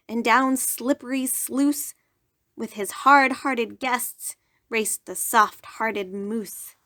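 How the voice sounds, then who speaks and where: A woman storyteller reading a rhyming bedtime story aloud in an animated way. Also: on the high side, slow pace, no room sound, clean studio sound.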